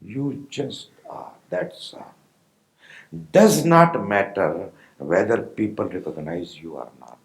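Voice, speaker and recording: A man with an Indian accent giving a slow, pausing spiritual discourse to meditators, often asking his listeners if they follow. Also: fairly low pitch, expressive, poor audio. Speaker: spiritual teacher.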